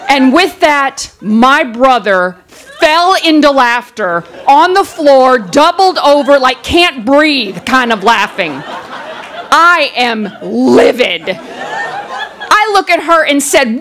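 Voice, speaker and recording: A woman telling a comic personal story on stage, animated and acting out the people in it, into a stage microphone. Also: high voice, takes it slowly. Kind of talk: live first-person storytelling. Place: stage in front of a live audience.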